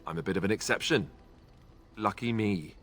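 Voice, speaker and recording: A man acting out a young former templar and warden in a video game, speaking with a British accent. His voice sits on the low side, dry and self-deprecating. Faint game music plays behind him. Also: moderate pace, fairly bright tone, natural voice. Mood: wry.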